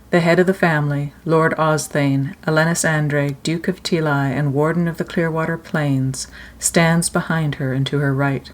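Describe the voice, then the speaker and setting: Low-voiced woman reading her novel. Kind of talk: first-person novel reading.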